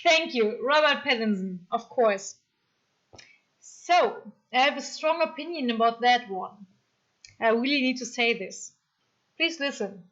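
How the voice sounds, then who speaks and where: High bright German-accented woman streamer. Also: unhurried, pauses often, lo-fi sound. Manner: chatty, reads chat comments aloud, apologetic and excitable. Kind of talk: casual live-stream chat.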